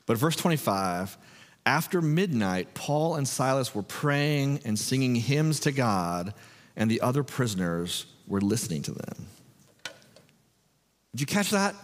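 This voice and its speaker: A man's voice: mid-range voice, measured pace. A man gives a sermon in a loose, conversational way, stopping the reading to explain and joke about it. His voice sits in a middle register. A long reverb hangs on it, as in a large hall. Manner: conversational, animated retelling with filler words. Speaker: pastor. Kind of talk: expository sermon.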